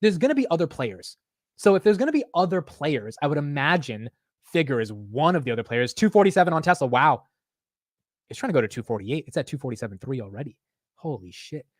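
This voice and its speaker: A man hosting a live stock market stream, talking excitedly and profanely straight to his chat. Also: fairly high pitch, quick pace, no echo, studio quality. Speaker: stock market livestream host. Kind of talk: casual live market commentary.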